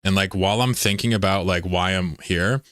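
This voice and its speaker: A man's voice: low-pitched, steady tone, a little fast, a bit bright, no room sound, clean studio sound. A man hosting a casual livestream, rambling, laughing often and reading chat messages aloud. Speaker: livestream host.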